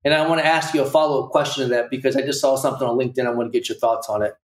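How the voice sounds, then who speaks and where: A man's voice: medium pitch, steady tone, very fast. A man hosting an interview, asking long rambling questions that circle back on themselves, over a video call. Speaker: podcast host. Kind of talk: conversational interview. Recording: roomy, distant mic.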